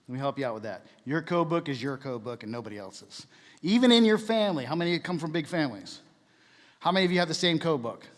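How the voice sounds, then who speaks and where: A man's voice: on the high side, in a large hall. A man giving a casual, jokey church talk, asking the room questions as he goes.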